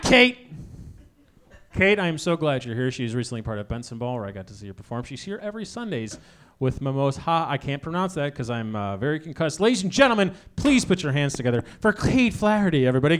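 A man in his thirties hosting a comedy show, telling rambling stand-up stories with loud punchlines. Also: on the high side. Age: 30s. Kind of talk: stand-up storytelling.

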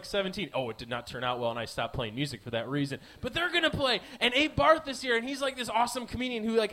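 Bright high-voiced profane comedic podcast host. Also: male voice. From American Midwest. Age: 20s. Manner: rambling, profane and self-mocking, swinging from mumbles to yelps. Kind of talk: comedic monologue.

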